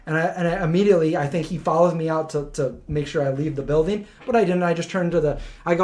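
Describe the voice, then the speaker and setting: A man with a somewhat high voice hosts a relaxed live-stream chat. He tells long, rambling stories full of restarts and quotes he acts out. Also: fast talker. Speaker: host.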